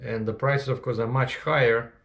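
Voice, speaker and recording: A man's voice: medium pitch, steady tone, normal speed, gravelly, fairly bright tone. A man talking casually to the camera in a rambling vlog, full of fillers and self-corrections. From Russia. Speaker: trucker vlogger.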